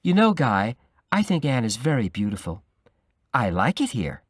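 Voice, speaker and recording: A man voicing a sly, unsettling madman who speaks in a soft, insinuating way. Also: mid-range voice, very animated, normal speed, slightly rough, no room sound, clean studio sound. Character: smooth, unsettling madman charming at a wedding.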